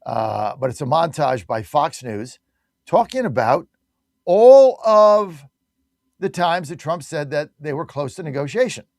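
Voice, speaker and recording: A man's voice: a little high, sing-song, unhurried, creaky, darkish tone, no room sound, studio quality. A man hosting a talk radio show, delivering an emphatic, combative opinion monologue full of rhetorical questions.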